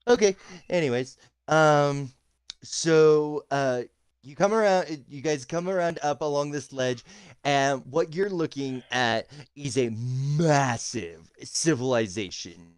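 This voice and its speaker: A man's voice: fairly high pitch, takes it slowly, smooth, dry recording. A man narrating a tabletop game as game master over a voice chat, hesitant with many ums. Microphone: voice chat call.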